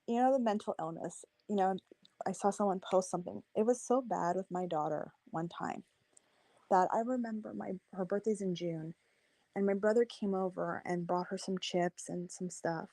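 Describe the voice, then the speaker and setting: A woman telling a personal story in a casual debate, lively and acting out what people said. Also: mid-range voice, moderate pace, no room sound, rough recording. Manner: animated, acts out quoted voices. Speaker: debate participant.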